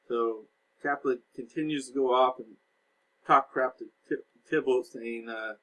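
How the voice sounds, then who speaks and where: A man's voice: mid-range voice, moderate pace, fairly bright tone, rough recording. A male teacher casually recapping a play for his students, reading passages aloud and explaining them in plain words. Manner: casual explaining with fillers, reads aloud and paraphrases.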